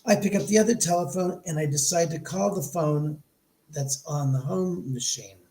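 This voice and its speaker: A middle-aged man from Los Angeles, a guest on a podcast, tells a story with lively swings in his voice and slips into the voices of the people he quotes. His voice sits a little high for a man, and the room around him is echoey. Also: moderate pace. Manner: animated, acts out quoted dialogue. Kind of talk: storytelling in an interview.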